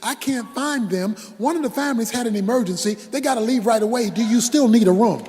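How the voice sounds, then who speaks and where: A man's voice: very high voice, fairly quick, darkish tone, big-room sound, a little hiss or hum. A preacher voicing a polite hotel clerk man. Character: polite male hotel clerk offering a room.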